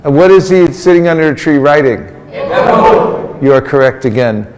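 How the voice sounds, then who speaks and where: A man teaching a group in a playful sermon, his voice sitting a bit higher than most men's. He keeps coaxing the listeners to answer him back, teasing them when they are slow. A long reverb trails every phrase from a big hall. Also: lively intonation, a little mellow. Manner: coaxing the audience into call-and-response answers. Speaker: religious teacher.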